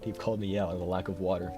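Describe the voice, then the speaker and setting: A man chatting casually on a live stream, rambling and self-deprecating, with a tired voice. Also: sits low.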